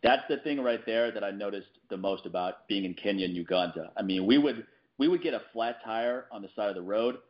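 A man hosting a casual conversation in a rapid voice that sits on the low side. He talks fast and often restarts his sentences mid-thought. The audio is dull and lo-fi.

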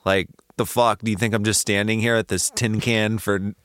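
A man's voice: lowish voice, little pitch movement, moderate pace, a bit bright, natural voice. A man voicing a rude, heartless Tin Man who talks in a whiny, sarcastic, swearing way. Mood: irritated.

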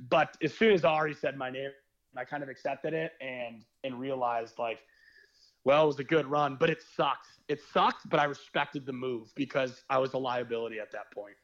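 A young man, a former reality game contestant, telling stories in a rambling, animated casual chat. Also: mid-range voice, moderate pace, lo-fi sound. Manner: rambling, animated storytelling with fillers.

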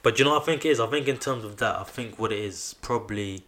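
A man's voice: on the low side, rapid-fire, pushed and bright. A man, chatting casually and rambling with slang as a podcast co-host. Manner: slangy, rambling, laughs often. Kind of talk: casual chat.

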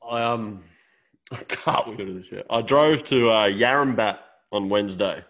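A man's voice: lowish voice, unhurried, a bit bright. An Australian man co-hosting a podcast, telling stories in a casual, swearing way. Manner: swearing storyteller. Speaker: podcast co-host. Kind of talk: casual chat.

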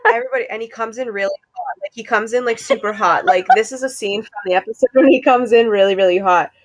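A woman co-hosts a podcast with a slightly high voice. She chats casually and retells a story in a lively, giggly way, peppering it with "like". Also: fast. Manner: animated storytelling, giggly, lots of "like". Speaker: podcast co-host. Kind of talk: casual chat.

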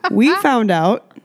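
A woman co-hosting a podcast in casual, profane chat, laughing often as she tells stories. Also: fairly high pitch. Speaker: podcast co-host.

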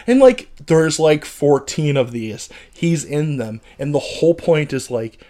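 A man's voice: on the high side, a little slow. Joking man co-hosting a gossip podcast. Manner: animated, joking, prone to loud outbursts. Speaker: podcast co-host. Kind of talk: casual gossip chat.

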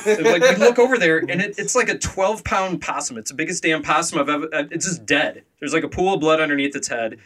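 A man in his thirties hosting a podcast with a bright, forceful voice. He tells stories in an animated way and laughs often. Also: fairly high pitch, fast, few pauses. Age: 30s. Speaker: podcast host. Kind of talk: casual storytelling.

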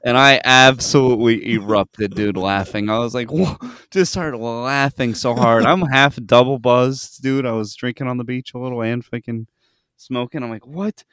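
A man's voice: mid-range voice, normal speed, smooth, dry recording. A young man hosting a podcast, telling a story in casual chat, swearing freely and acting out the people in it. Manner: animated storytelling, swears freely, acts out quotes. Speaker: podcast host.

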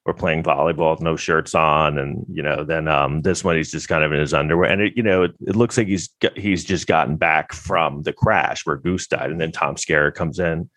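A man's voice: a bass voice, fairly even intonation, a little fast, few pauses, a bit bright, no echo, clean studio sound. A man vlogging casual movie commentary in a rambling, wry way with lots of fillers.

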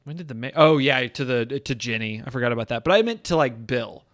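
A man hosting a podcast, talking in a rambling, animated casual chat and laughing often. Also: mid-range voice, quick pace, dry recording, studio quality. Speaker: podcast host.

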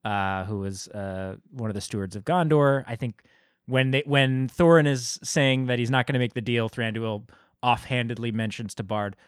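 Animated man retelling film scenes. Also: mid-range voice, normal speed, clear, resonant tone, no room sound, studio quality. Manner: animated retelling with quoted voices. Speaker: podcast co-host. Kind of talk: casual film review chat.

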